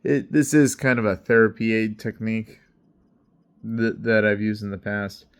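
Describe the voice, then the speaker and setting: Intense, foul-mouthed man, lowish voice. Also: steady tone, moderate pace, clean tone. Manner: intense, heavy swearing, frequent "right?" and "you know". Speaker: delivery driver telling a story. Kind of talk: casual storytelling vlog.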